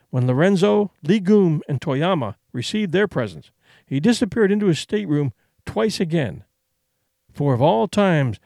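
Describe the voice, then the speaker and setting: A man narrating an adventure story as an audiobook in a measured, expressive storytelling manner. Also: a little high, no room sound, studio quality.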